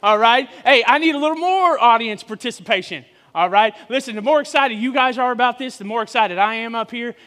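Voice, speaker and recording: A man in his forties, a guest preacher, giving a sermon with lively joking banter with the congregation. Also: very high-pitched, fairly quick, few pauses, big-room sound. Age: 40s. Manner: joking, energetic crowd banter. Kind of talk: sermon with audience interaction. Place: church hall.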